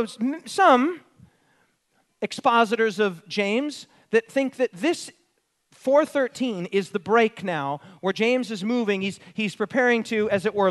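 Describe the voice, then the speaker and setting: A man preaching an expository sermon, teaching with emphatic quoted lines. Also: very high-pitched.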